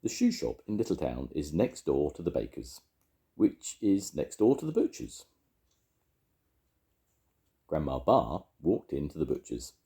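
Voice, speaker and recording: An older man reading a children's story aloud, gently chatting with young listeners between lines. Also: very deep voice, big pitch swings, a little slow, pauses often. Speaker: storytelling grandad.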